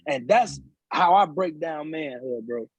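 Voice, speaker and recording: A man's voice: a little high, lively intonation, a little slow, husky, no echo, low-quality recording. A man, father of seven, speaking in impassioned, repetitive podcast talk, building to emphatic peaks. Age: adult father of seven sons. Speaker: author and speaker, guest.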